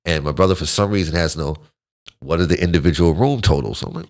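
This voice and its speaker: A man telling stories in a relaxed conversation, his voice sitting low. He talks quickly and acts out the other people in his stories. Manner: animated storyteller, quotes others in voices. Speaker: podcast guest. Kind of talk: casual storytelling chat.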